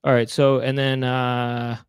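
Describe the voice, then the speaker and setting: A man's voice: medium pitch, monotone, unhurried, clean tone, no room sound, clean studio sound. A man co-hosting a casual online chat show, trying out impressions and rambling with self-mocking asides. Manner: rambling, trails off and laughs at himself. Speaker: co-host.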